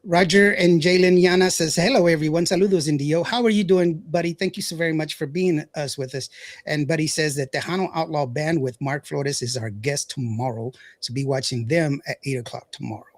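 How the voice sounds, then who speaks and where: A man's voice: fairly high pitch, steady tone, a little fast, no echo. A man hosting a radio show, chatting casually, reading out viewer comments and laughing often. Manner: chatty, laughs often, stumbles over words.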